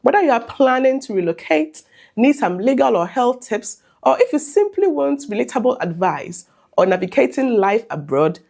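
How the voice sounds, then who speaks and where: A Ghanaian woman nurse, hoarse from a cold, talking through a scripted vlog with a clear, measured delivery. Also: a little high, big pitch swings, darkish tone. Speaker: vlogger, nurse.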